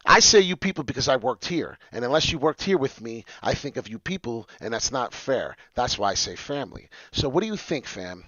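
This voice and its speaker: Male crypto-stream host, animated and rambling, mutters then shouts; lo-fi dry recording. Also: medium pitch, fairly quick, dry recording. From New York. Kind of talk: casual livestream chat.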